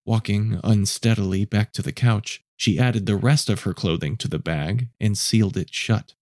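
A man narrating and producing an audio story in a measured, low-key, hushed reading. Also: no echo, clean studio sound.

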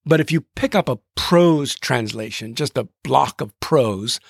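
Man with a gravelly, dry close voice. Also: medium pitch, lively intonation, dry recording. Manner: reflective and literary, reads verse aloud slowly. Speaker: podcast host. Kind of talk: scripted podcast narration.

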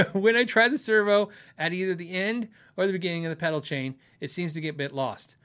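Middle-aged guy rambling about guitars to his viewers, bright voice, laughs a lot. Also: high voice, a little fast, smooth. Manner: rambling, laughs often, self-deprecating. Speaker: host of a guitar show answering viewer questions. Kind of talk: casual live-stream chat.

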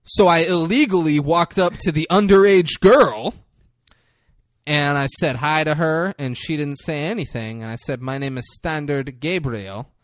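This podcast co-host recaps a movie in casual, profane chat, doing voices for the characters. His voice is fairly high and his pace normal, recorded in a clean studio with no echo.

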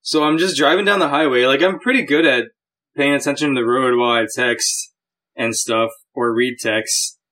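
A man's voice: medium pitch, normal speed, bright, forceful tone. A man co-hosting a podcast, telling a story in casual chat with an easygoing, hedging manner. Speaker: podcast co-host.

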